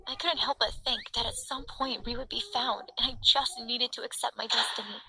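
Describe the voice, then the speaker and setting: A woman's voice: on the high side, pushed and bright, poor audio. A woman giving dramatic first-person narration of a tense story.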